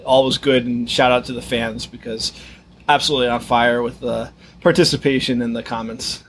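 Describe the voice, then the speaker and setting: A man's voice: mid-range voice, fairly even intonation, normal speed. A man co-hosting a podcast, chatting loosely and searching for his words. His mid-range voice sits over a faint hiss of background noise. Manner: rambling, hesitant with fillers. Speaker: podcast co-host. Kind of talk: casual chat.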